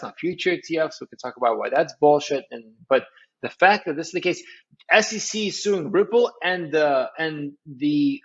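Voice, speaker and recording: A man co-hosting a podcast, telling stories in an excited, rapid way full of restarts. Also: fairly high pitch, slightly rough, highs cut off. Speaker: podcast co-host. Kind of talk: casual chat about finance.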